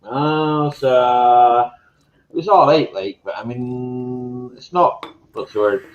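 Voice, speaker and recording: A man's voice: medium pitch, steady tone, slow pace. A man chatting casually, telling rambling stories and laughing often. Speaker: chat guest. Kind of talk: casual chat. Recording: muffled and roomy.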